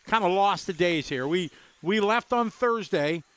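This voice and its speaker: A man's voice: high voice, expressive, unhurried, fairly bright tone, clear, resonant tone. A man doing casual live commentary at a race, chatting and greeting viewers.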